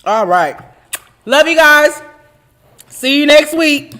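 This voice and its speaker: Woman host, very high voice, unhurried delivery, playful, laughs a lot, live-stream chat. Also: animated, pushed and bright. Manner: playful, joking, laughs often; churchy, affectionate toward viewers. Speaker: host of a live online talk show.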